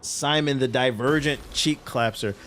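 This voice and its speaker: A man's voice: mid-range voice, a little slow, background noise. A man streaming a video game live, commenting in an exasperated, swearing way. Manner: loud, exasperated, swearing, laughing outbursts.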